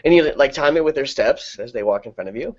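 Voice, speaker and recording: A man's voice: medium pitch, expressive, quick pace. A man hosting a casual video hangout, joking around and laughing often. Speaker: vlog host. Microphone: video call. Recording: lo-fi video call audio.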